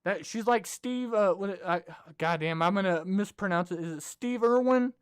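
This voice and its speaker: A man's voice: high voice, normal speed, clean tone. A man hosting a comedy show, telling rambling, profane stories in casual commentary. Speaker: podcast host.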